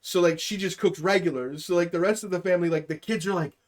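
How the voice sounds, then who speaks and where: A man's voice: sits high, fast talker. A young man co-hosting a podcast, recounting a show in rambling, playful casual chat. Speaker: podcast co-host.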